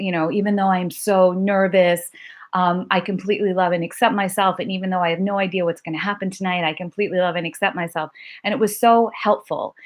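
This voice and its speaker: A woman teaching mindfulness exercises, speaking softly and gently, slowing down to lead calm repeated mantras. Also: on the low side. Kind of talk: guided mindfulness instruction.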